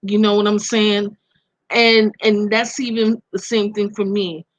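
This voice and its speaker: A woman's voice: mid-range voice, little pitch movement, a little slow, dry recording, poor audio. A middle-aged woman with a Brooklyn accent, a podcast guest telling personal stories over a video call in an earnest, reflective way. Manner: earnest, reflective, speaks of faith and loss.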